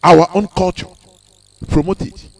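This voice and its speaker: A man's voice: high voice, steady tone, moderate pace, vocal fry. A man giving an impassioned speech, emphatic, repeating words and asking rhetorical questions. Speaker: speaker on a live broadcast.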